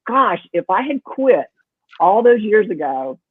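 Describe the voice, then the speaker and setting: A man's voice: high-pitched, very animated, measured pace, slightly rough, dry recording. A man on a panel speaking earnestly and emphatically, repeating phrases. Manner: earnest, emphatic, uses repetition. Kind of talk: casual panel talk. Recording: tinny phone-like call audio.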